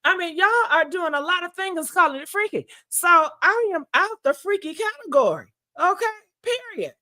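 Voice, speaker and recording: A woman's voice: very high-pitched, normal speed, bright, forceful tone. A woman hosting a gossip livestream, brash and profane, talking in a casual style and calling viewers honey and baby.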